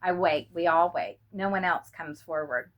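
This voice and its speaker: A woman reading a short story aloud in an expressive, dramatic way. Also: fairly low pitch, normal speed, dull audio. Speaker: reader.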